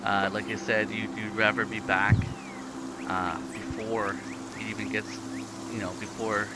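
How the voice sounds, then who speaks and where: A man's voice: on the low side, little pitch movement, unhurried, loud music behind the voice. A man narrating a tabletop game as game master in a laid-back way, with many fillers. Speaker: dungeon master. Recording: loud background noise.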